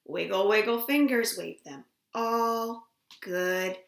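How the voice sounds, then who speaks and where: A woman librarian reading a picture book aloud to children from her home, gentle and expressive, with little gasps. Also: medium pitch, slow, gravelly. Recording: roomy home room recording.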